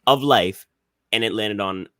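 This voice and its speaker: A man's voice: lowish voice, measured pace, fairly bright tone, dry recording, clean studio sound. A young man hosting a casual podcast, rambling with frequent restarts and repeated words. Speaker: podcast host.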